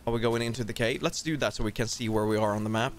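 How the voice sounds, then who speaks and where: A man hosting a casual co-op gameplay video, chatty and quick to exclaim. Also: medium pitch, fairly even intonation, slight background noise. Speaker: gaming channel host.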